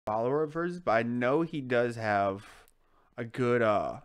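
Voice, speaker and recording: A laid-back man co-hosting a podcast in casual chat. He hesitates, restarts and leans on fillers as he thinks aloud. His voice sits at a mid pitch. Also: lively intonation, unhurried, clear, resonant tone. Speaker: podcast co-host.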